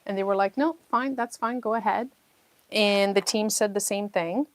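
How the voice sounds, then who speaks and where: A woman's voice: medium pitch, normal speed, no echo. Chatty woman telling a story on a livestream. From New Brunswick, Canada. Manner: chatty storytelling, reading viewer chat aloud. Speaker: puzzle livestream host. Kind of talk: casual livestream chat.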